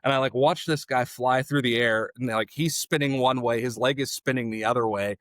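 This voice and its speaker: A man who is a paramedic, guesting on a podcast and telling a story in a casual, animated way, with plenty of "like". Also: medium pitch, a little fast, no room sound, clean studio sound. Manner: animated, filler-heavy, lots of "like".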